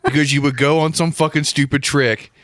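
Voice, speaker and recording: Smooth-voiced, teasing young man. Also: on the high side, steady tone, fairly quick, fairly bright tone, no room sound, studio quality. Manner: teasing, sarcastic. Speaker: podcast co-host. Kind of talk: casual chat.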